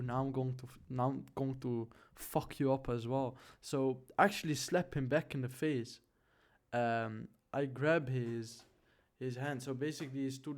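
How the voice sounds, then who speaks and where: A young man telling a story straight to camera in a relaxed vlog. His talk is loose and slangy, full of fillers and quick asides. His voice sits at an ordinary middle pitch. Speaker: vlogger.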